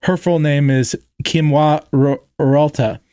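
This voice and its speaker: A man's voice: on the high side, steady tone, slow, warm tone, smooth, no room sound. Formal alien lady, as a man puts her on, careful stiff phrasing, slightly raised voice, storybook, dry sound. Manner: stiff formal speech without contractions. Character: formal polite female alien team leader.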